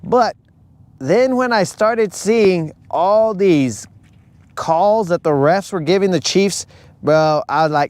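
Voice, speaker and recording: A young male livestream host rants about football in a joking, casual tone and keeps saying bro. His voice sits a bit high, and he talks at an unhurried, drawn-out pace. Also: a little mellow, no echo. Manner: ranting, joking, says bro a lot. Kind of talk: casual live-stream rant.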